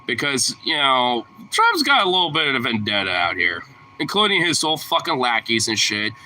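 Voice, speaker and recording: A young man from Portland talks casually to camera, rambling and swearing freely. His voice is bright and sharp, with a lively, bouncing pitch. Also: moderate pace, slight background noise, low-quality recording. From Portland, Oregon. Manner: rambling, heavy swearing, filler words. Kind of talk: casual vlog talk.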